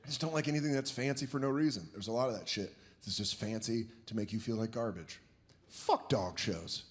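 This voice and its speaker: A young man doing a profane, animated stand-up routine on stage, jumping into exaggerated quoted voices. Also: mid-range voice, a little fast. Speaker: stand-up comedian. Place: stage before a live audience. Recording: live show with audience noise.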